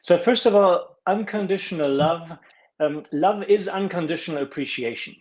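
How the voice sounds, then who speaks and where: A man's voice: high voice, normal speed, a little mellow, highs cut off. A man who works as a relationship coach, talking earnestly and reflectively in a podcast interview and repeating words as he thinks.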